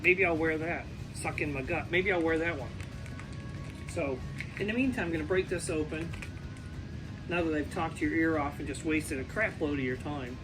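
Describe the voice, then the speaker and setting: A man talks off the cuff to his viewers, rambling from one thought to the next in a slightly high voice. He records in his home basement on an ear pod, with music clearly playing under his talk. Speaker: YouTube food reviewer. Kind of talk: casual unscripted vlog talk.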